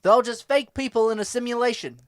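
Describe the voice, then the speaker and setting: A man's voice: extremely high pitch, fast, no room sound, studio quality. A man doing a rambling Boston-accented tough-guy impression in an improvised comedy sketch, full of fillers. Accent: Boston put-on. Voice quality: gruff wiseguy, bada bing catchphrase.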